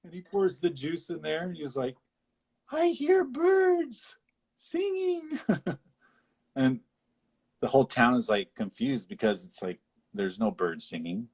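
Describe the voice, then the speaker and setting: A man co-hosting a casual podcast, recapping a film in a rambling, animated way with frequent laughter. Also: medium pitch, normal speed, husky. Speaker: podcast co-host. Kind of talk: casual film discussion chat.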